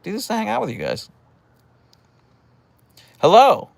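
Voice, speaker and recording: A man's voice: high-pitched, huge pitch swings, very fast, creaky. A young man from the Pittsburgh area hosting a casual livestream, reading out chat messages and answering with teasing, dry jokes. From Pittsburgh area, USA.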